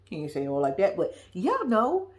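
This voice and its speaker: A woman giving a profane, animated recap of a reality show, acting out quotes in a blunt, sassy way. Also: medium pitch, fairly quick, background noise.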